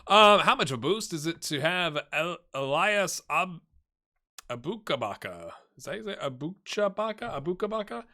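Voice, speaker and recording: A Scottish man hosting a casual let's-play from his home office, chatty and excitable, bursting into loud commentary when the match heats up. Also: a little high, moderate pace. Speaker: gaming channel host. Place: home office with a blue screen.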